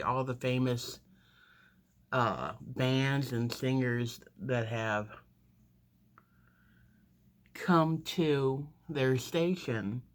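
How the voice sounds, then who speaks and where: A woman in her fifties telling a story casually while doing her makeup, rambling with lots of fillers and restarts. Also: rumbling low.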